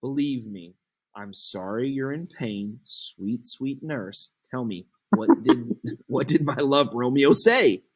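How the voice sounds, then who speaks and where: A man reading the part of an impatient young girl in love, slowly and evenly from the text in a classroom play reading. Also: mid-range voice, husky.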